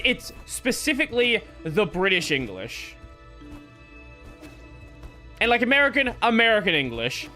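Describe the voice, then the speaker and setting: A man's voice: high voice, bright, forceful tone. A man with an Australian accent chatting casually while streaming a video game, rambling and full of fillers. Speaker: gaming streamer. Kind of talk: casual chat while gaming.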